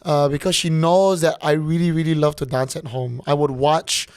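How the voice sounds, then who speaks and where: Gravelly Malaysian man telling stories. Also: a little high, moderate pace, no echo. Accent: Malaysian English. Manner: chatty, animated, slangy. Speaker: podcast guest. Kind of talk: casual podcast storytelling.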